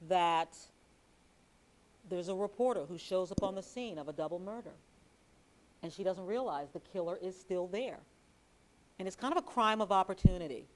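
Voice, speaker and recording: A woman author and TV news reporter giving a library lecture, telling lively anecdotes with chatty asides and reading from her book. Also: fairly low pitch.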